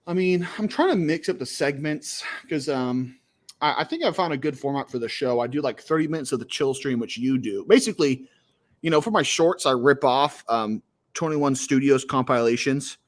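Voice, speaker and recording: A man hosting a casual livestream, his voice sitting at an ordinary middle pitch. He rambles loosely from point to point, dropping crude jokes along the way. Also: expressive, normal speed. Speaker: livestream host.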